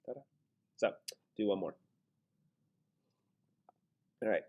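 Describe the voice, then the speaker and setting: A man's voice: fairly low pitch, slow pace, phone-quality sound. A man teaching a grammar lesson in a casual way, thinking aloud and talking himself through his own mistakes. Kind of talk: screen-recorded grammar lesson.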